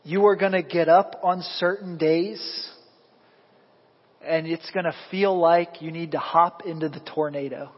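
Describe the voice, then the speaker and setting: A man preaching a sermon as pastor, animated and quizzing the congregation with questions. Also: fairly high pitch, unhurried, husky. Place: church sanctuary. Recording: echoey hall, dull lo-fi sound.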